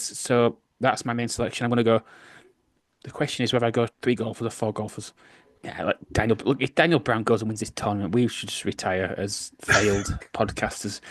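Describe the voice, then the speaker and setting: A man co-hosting a golf podcast, giving his picks in a dry, sarcastic, measured way. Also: on the low side, dry recording. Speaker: podcast co-host. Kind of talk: casual podcast chat.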